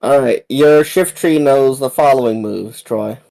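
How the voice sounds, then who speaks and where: A young man acting as game master, briskly reading out moves and rules and recapping the story in a casual tone. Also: mid-range voice, vocal fry, dark tone, no echo, low-quality recording. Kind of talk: running a tabletop game over voice chat.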